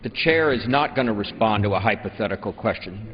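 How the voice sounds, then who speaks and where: A man presiding over a chamber, making brisk formal procedural announcements. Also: on the low side, animated. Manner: brisk, formulaic. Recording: dull broadcast sound with long hall reverb.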